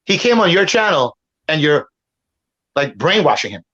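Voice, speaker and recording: A man's voice: on the high side, big pitch swings, normal speed, bright, forceful tone. Heated, profane man on muffled audio. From Puerto Rico. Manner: profane, rambling, talks over others. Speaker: guest debater on a stream. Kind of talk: heated argument.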